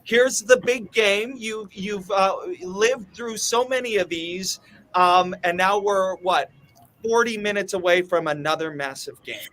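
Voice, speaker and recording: A man's voice: high-pitched, unhurried, fairly bright tone. A Canadian man hosting a casual show, upbeat and enthusiastic with guests. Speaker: host.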